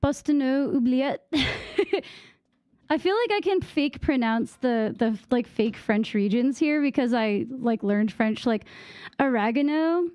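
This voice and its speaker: A young woman from the United States with a high voice chats slowly and playfully with her stream audience, often laughing. Her voice is close and dry, with no room sound. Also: lively intonation, mellow, clean tone, no echo. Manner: giggly, chatty, tries out French phrases. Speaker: game streamer. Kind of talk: casual live-stream chat with viewers.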